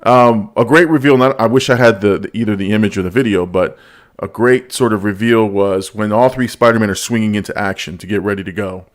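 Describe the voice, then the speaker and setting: A man hosting a casual podcast, talking about movies in an animated, storytelling way. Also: fairly low pitch, fairly quick. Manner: animated, storytelling with quoted lines and laughs. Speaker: podcast host. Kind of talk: casual movie review chat.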